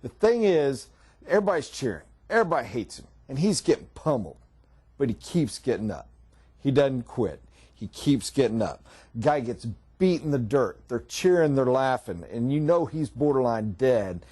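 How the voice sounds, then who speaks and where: A man's voice: mid-range voice, very animated, moderate pace, a little mellow, husky. A middle-aged man giving a sales training talk to a group around a table, emphatic and folksy as he tells stories. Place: meeting room around a table.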